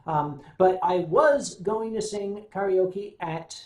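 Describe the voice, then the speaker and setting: An older American man hosting a casual livestream, telling stories and answering viewer comments in a wry, unhurried way. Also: sits high, a little mellow. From United States. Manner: wry, unhurried storytelling with sips and hums. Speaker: livestream host. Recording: roomy sound, voice a bit off-mic.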